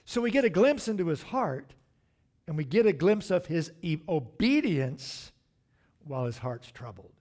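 A man, middle-aged, preaching a sermon, swinging from loud emphatic lines to hushed, drawn-out asides. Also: a little high, very animated. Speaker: pastor.

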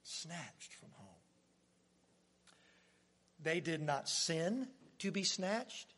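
An older man preaching with a high voice, his delivery swinging from loud, emphatic cries to hushed, almost whispered lines. He drops in chuckling jokes for the congregation, and a long hall reverb trails after his words. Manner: jokey asides with chuckles to the congregation. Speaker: pastor. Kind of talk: sermon.

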